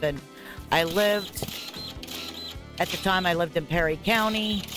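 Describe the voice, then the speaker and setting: A woman in her forties tells a long personal story in a casual, rambling way, full of fillers and asides. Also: deep voice. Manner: rambling, candid, frequent fillers and 'blah, blah, blah'. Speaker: parent telling her story. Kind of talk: casual spoken story over gameplay.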